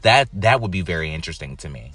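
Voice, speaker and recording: An American man giving casual, chatty reaction commentary on a reality show, with animated, incredulous asides. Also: sits low, fast talker, husky, soft background music. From United States.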